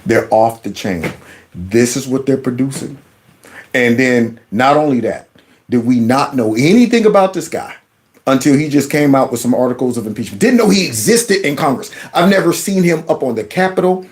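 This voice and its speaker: A man hosting a political commentary vlog, mocking a clip with sarcastic asides and repeating its words back. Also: normal speed. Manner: animated, swings from loud jabs to low mutters. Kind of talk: reaction commentary on a video clip.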